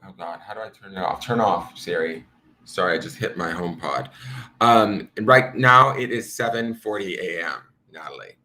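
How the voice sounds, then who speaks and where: Chatty man with a low, bright voice. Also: normal speed. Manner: meandering, chatty, talks to viewers. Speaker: tarot reader. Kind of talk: live-streamed tarot reading. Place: home room with an altar.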